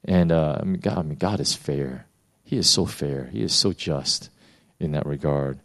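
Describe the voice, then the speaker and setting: A man preaching a sermon in an animated, informal way, with frequent fillers and restarts. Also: very deep voice, normal speed, gravelly, dry recording, clean studio sound. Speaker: pastor.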